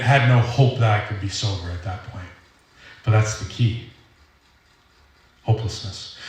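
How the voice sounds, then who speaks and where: A man's voice: mid-range voice, far from the mic. Earnest young man sharing his story. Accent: Rhode Island. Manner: earnest, rambling, halting with fillers. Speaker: recovery meeting speaker. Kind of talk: personal testimony at a meeting. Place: meeting hall. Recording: roomy hall audio from off-mic.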